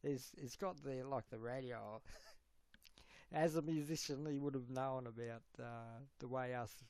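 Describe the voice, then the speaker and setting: A man with an Australian accent hosting a casual livestream chat, rambling and giggling, now and then breaking into loud put-on voices. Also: medium pitch, fairly even intonation, measured pace, smooth, no echo. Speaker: livestream host.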